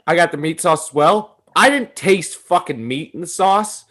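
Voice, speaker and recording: A man's voice: a little high, moderate pace, fairly bright tone. A young man co-hosting a podcast in casual chat, ranting animatedly and swearing often, with frequent laughter. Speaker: podcast co-host.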